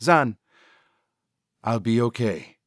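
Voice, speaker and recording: A man's voice: medium pitch, expressive, takes it slowly, no echo, clean studio sound. A man reading a story aloud, voicing a worried young woman who talks earnestly to her cousin. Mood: caring.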